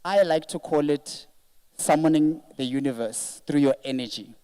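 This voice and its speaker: Man, emotional organizer at the podium, earnest and apologetic, slightly raised pitch. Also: moderate pace, warm tone, smooth, poor audio. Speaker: event organizer giving a thank-you speech. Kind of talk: emotional live speech to an audience. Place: event venue, speaking to an audience.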